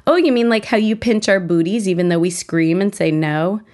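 A woman's voice: mid-range voice, moderate pace, a little mellow, close to an everyday voice. A woman reading out the lines of her playful, teasing young son in a wry, mock-innocent way, in her own voice.

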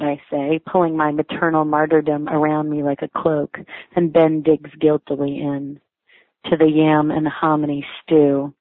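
A woman's voice: low voice, little pitch movement, a little slow, dry recording. A woman reading her own personal essay aloud, in a wry, self-mocking, lightly amused way. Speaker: writer reading her own blog entry. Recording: dry, tinny phone-like sound.

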